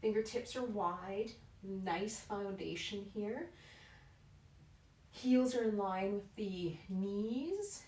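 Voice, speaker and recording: A woman leading a yoga class in a calm, encouraging way, often checking in with "right?". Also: medium pitch, drawn-out words. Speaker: yoga instructor. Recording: roomy echo, mic at a distance.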